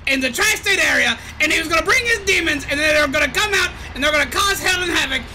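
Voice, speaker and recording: A woman voicing a grumpy middle-aged male cartoon mad scientist, shouting and ranting over gameplay. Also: sits high, animated, fast, very noisy. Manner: shouty, ranting, self-pitying. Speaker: gaming streamer. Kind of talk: gameplay commentary in character.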